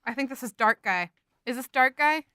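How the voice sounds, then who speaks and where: A woman playing a tabletop game in character, sarcastic and quick, stumbling when rushed. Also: high-pitched, lively intonation, bright, forceful tone, clean tone, no echo, clean studio sound. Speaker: player. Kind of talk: casual in-character play.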